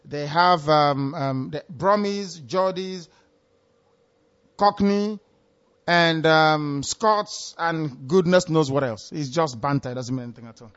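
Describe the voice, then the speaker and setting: A man hosts a call-in radio show, speaking in a high voice. He drives his points home by repeating the same phrases. The sound is dull and lo-fi. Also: slow pace, fairly bright tone. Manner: interrupts with repeated hold on, emphatic and repetitive. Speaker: radio host taking calls.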